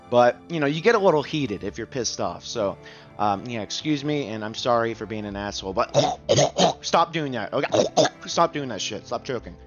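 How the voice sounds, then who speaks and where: A man's voice: mid-range voice, fairly bright tone, muffled recording. A young man delivering a heated, profane rant as a gaming YouTuber. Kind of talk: angry rant.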